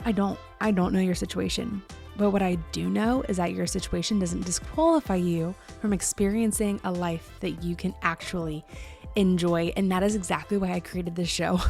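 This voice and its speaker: A woman's voice: medium pitch, creaky, darkish tone. A woman in her thirties hosting her podcast, talking candidly in a chatty, emphatic way and laughing often. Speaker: podcast host. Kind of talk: candid casual monologue.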